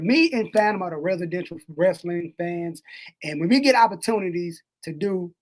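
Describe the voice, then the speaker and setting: A man co-hosting a podcast in casual chat, animated and slangy, swinging between loud and soft. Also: high-pitched. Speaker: podcast co-host. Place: Texas.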